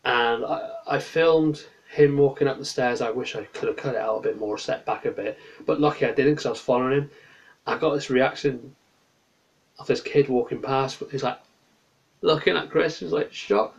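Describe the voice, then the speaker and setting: A man's voice: mid-range voice, normal speed, husky, lo-fi sound. A tired man, chatting in a rambling way to his livestream viewers late at night from a small bedroom, drifting off topic and answering chat.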